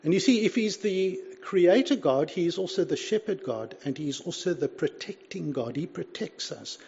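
A man's voice: sits high, expressive, moderate pace, gravelly, darkish tone, husky. Earnest man preaching, dull lo-fi sound. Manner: earnest, conversational, repeats "you see". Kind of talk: sermon. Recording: dull lo-fi recording.

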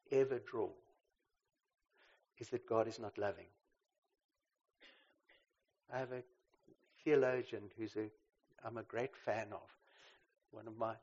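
Guy preaching, mid-pitched voice, gets loud then drops quiet, keeps asking "right?", kinda dull lo-fi recording. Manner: animated, swings between loud emphasis and quiet asides, asks "right?" often. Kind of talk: sermon.

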